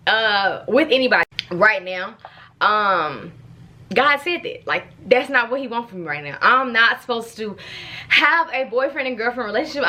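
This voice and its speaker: Young woman vlogger, bright-pitched and very lively, playful storyteller. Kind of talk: casual vlog chat.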